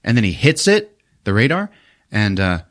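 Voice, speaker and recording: A man's voice: lowish voice, sing-song, moderate pace. A man hosting a podcast, casually retelling a movie plot with profanity and jumping into silly voices for the characters. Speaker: podcast host. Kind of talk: casual movie recap with acted-out lines.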